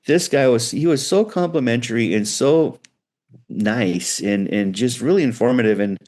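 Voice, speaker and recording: A middle-aged man, a guitar builder, chatting as a guest in an interview and telling animated, loose stories with frequent restarts. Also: medium pitch, moderate pace. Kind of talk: casual storytelling interview.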